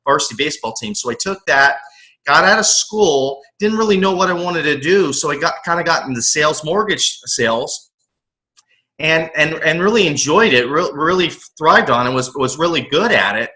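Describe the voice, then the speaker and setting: A middle-aged man from the US West Coast, a motivational coach, telling his life story in a casual interview, earnest and animated, often restarting and repeating words. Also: fairly high pitch, normal speed. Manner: earnest, animated, acts out his own past thoughts. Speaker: motivational coach, podcast guest.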